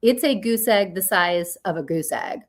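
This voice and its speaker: A woman in her forties co-hosting a podcast, telling stories in an animated way and acting out her own quotes. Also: mid-range voice, normal speed. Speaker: podcast co-host. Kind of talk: casual chat.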